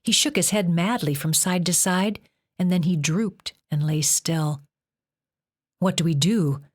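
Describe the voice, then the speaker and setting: Woman reading an audiobook, lowish voice, takes her time. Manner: slow, measured reading. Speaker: audiobook narrator. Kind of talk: scripted narration.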